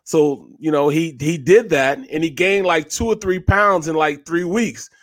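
A man, co-host and former football player, telling a story in casual chat and acting out the voices with loud bursts. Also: a little high, a little slow, no echo. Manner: acts out dialogue with loud bursts.

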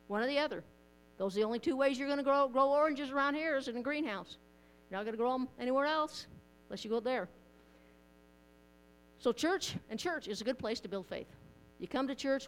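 A female pastor preaches a sermon in a church, her smooth voice pitched a touch high. She speaks plainly and conversationally, often doubling back on her words, over a low mains hum.

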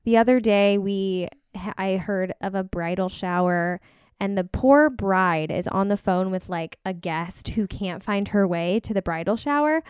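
Chatty woman with a smooth voice. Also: mid-range voice, unhurried, dry recording, clean studio sound. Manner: chatty, fillers of "like", emphatic. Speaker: podcast co-host, wedding vendor. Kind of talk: casual chat.

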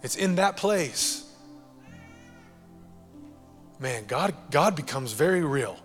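Pastor guy preaching, jokey and fired up, big echoey church hall, soft music behind. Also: a little high, slow pace. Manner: animated, jokey, repeats key phrases for emphasis. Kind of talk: sermon.

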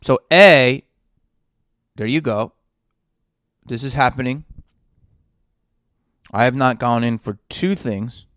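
A man's voice: mid-range voice, takes it slowly, long pauses, fairly bright tone, dry recording, studio quality. A man hosting his own podcast, ranting with sarcastic rhetorical questions in an indignant monologue. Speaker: podcast host and actor.

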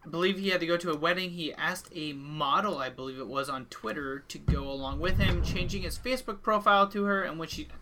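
A man's voice: fairly high pitch, a little fast, few pauses, bright, forceful tone, slight background noise. A man co-hosting a casual podcast, brash and profane in a joking way. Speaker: podcast co-host.

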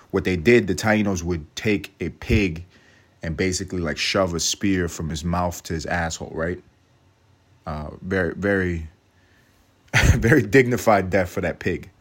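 A man holds forth on his podcast in a low voice, swearing freely as he rambles. His comic monologue is brash and mock-grandiose, full of loud declarations to his listeners. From Harlem, New York. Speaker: podcast host. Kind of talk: comedic monologue.

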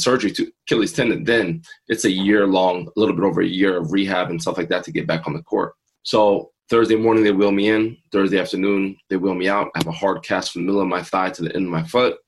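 Guest in his forties, deep husky male voice, earnest personal storytelling in an interview. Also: low-quality recording. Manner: earnest, plays his own past thoughts. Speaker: interview guest, mindset coach.

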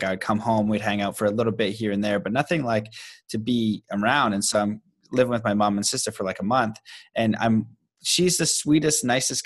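A man hosting a podcast, telling stories casually and slowing down to stress a point. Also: on the low side, dry recording. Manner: relaxed storyteller, slows down for emphasis. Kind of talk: casual conversation.

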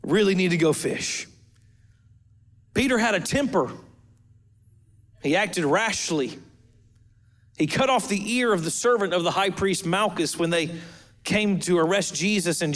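A man preaching a sermon as pastor, in a humorous, conversational way with asides to the congregation. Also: sits high.

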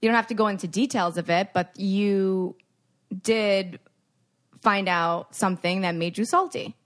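A woman's voice: medium pitch, steady tone, measured pace. A woman guest in a casual chat, talking as a supportive and teasing best friend.

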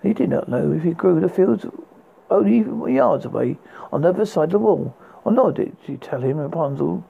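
A man's voice: a little high, expressive, moderate pace, creaky, breathy edge, phone-quality sound. A man reading a fairy tale aloud, unpolished, often stumbling and restarting words. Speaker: narrator. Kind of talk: storybook reading.

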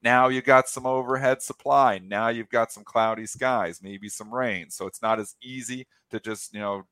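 A man's voice: mid-range voice, moderate pace, clear, resonant tone, no room sound. A man co-hosting a market show, chatting casually about trades in trader jargon. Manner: animated, talks in trader jargon. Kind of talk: casual trading chat.

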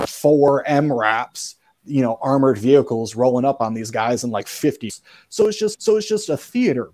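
A man's voice: mid-range voice, mellow. A man telling a story as a guest in a casual, slangy, profane way, calling people "bro.". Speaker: podcast guest.

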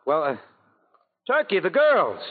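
A man's voice: sits high, huge pitch swings, narrow, tinny audio, exaggerated voice. A man voicing a brash American adventurer who fires off wisecracks and also narrates the tale, in a 1940s radio comedy. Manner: brash, fast-talking wisecracks. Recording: thin old radio broadcast.

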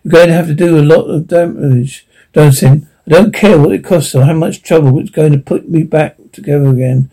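A man's voice: on the high side, fairly quick, warm tone. A man reading a sci-fi audiobook, voicing a desperate, defiant man ready to fight his way out. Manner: tense, defiant.

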